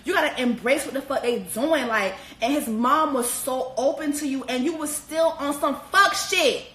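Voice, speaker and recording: A woman giving a blunt, profane, animated comedic recap full of slang. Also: high voice, moderate pace. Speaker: vlogger recapping a reality show. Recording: echoey room.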